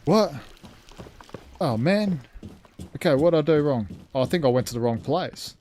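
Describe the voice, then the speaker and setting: A man's voice: fairly high pitch, lively intonation, moderate pace, darkish tone, slight background noise. A man streaming a ship game live, rambling as he thinks aloud and thanks his chat.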